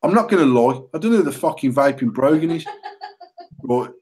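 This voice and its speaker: A man, co-hosting a casual banter podcast, talking in a sweary, excitable way and laughing often. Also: mid-range voice, fairly quick, poor audio. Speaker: podcast co-host, mod company owner.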